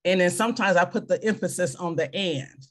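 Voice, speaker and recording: A woman's voice: on the low side, a little fast. A woman in her fifties, a veteran and clinic worker, reading scripture and then talking earnestly about faith and service over a video call. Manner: earnest, faith-centered, speaks from personal experience.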